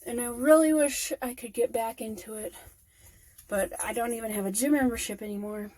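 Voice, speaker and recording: A woman's voice: a little high, brisk, darkish tone. A woman vlogging at home, chatting casually and rambling aloud to herself as she goes about her day. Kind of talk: casual chat. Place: at home indoors.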